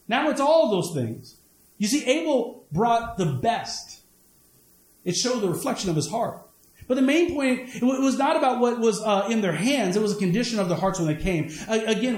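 A man's voice: high-pitched, a little mellow. A male pastor preaching a sermon with energy, repeating phrases for emphasis. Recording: echoey room.

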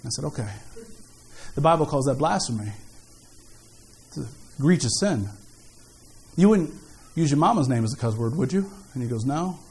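A man preaching a sermon as pastor, in an animated, jokey, conversational way. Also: mid-range voice, normal speed, long pauses. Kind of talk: sermon with storytelling.

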